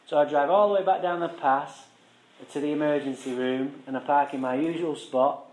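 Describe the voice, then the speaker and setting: A man's voice: fairly high pitch, steady tone, normal speed, echoey room, noisy background. Frank man telling his story. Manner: frank, profane, wry, conversational. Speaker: speaker sharing his recovery story. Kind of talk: personal storytelling to a live audience.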